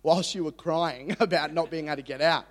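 A man's voice: a little high, steady tone, a little fast, lightly acted. A man voicing a cheeky teenage boy who talks in laid-back, teasing slang. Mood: incredulous. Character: cheeky teenage boy, a mate daring his friend. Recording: reverberant hall.

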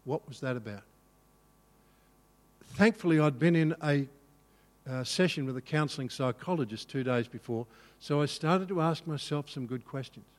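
A male pastor telling a personal story in a sermon, animated and self-mocking. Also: on the high side, moderate pace, in a large hall.

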